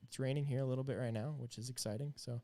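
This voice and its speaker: A man's voice: mid-range voice, fairly even intonation, quick pace, mellow. A man hosting a casual livestream chat, upbeat and chatty with plenty of fillers. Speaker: livestream host.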